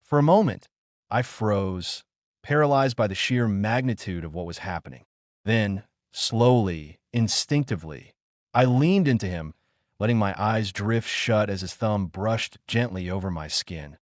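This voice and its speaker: Lowish-voiced man narrating a story. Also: lively intonation, unhurried, dry recording, clean studio sound. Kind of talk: first-person story narration.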